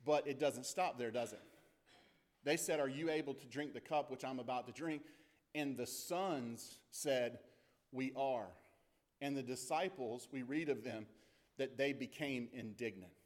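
A man's voice: medium pitch, measured pace. Man preaching a conversational sermon. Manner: conversational preaching with acted-out quotes and repeated phrases. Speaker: pastor. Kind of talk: expository sermon.

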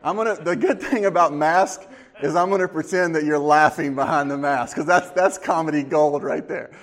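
A man's voice: on the high side, moderate pace. A middle-aged man speaking to a church audience in a folksy, casual way, telling corny jokes before turning to a thankful devotional message. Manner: folksy, tells corny jokes with relaxed asides. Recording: long reverb of a large hall.

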